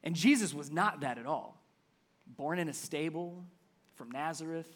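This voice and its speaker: Preaching in a mid-pitched voice at normal speed, a pastor keeps the sermon conversational and emphatic. Loud, stressed words give way to quiet, lowered asides.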